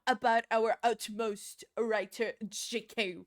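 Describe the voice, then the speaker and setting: Brief: woman playing a blustering, stumbling male politician, a touch high. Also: steady tone, slow pace. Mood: mock-pompous. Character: mock impression of a male British politician.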